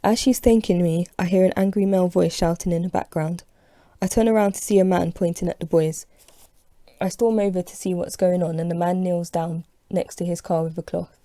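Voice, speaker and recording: A woman's voice: fairly low pitch, little pitch movement, a little fast, mellow, dry recording, studio quality. A woman reading her own novel aloud as an audiobook, telling it in the first person with expression. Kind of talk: audiobook narration.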